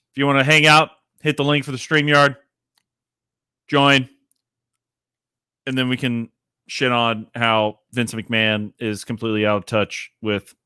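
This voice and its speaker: A man chatting casually on a livestream, rambling and animated, with loose swearing and laughter at himself. His voice is bright and forceful, and it sounds close and dry, with no room behind it. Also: mid-range voice, clean tone, dry recording. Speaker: livestream host.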